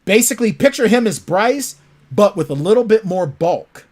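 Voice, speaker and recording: Male author guest, animated storyteller in casual interview chat. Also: sits high, normal speed. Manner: animated storytelling, acts out his characters.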